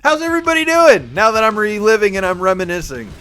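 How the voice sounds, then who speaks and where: A young man hosting a live stream and telling a story to his viewers. His voice is high, bright and bouncy. He acts out the people in his story, and soft music plays in the background. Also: sing-song, fast, smooth. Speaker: livestream host. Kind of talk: casual storytelling chat with viewers.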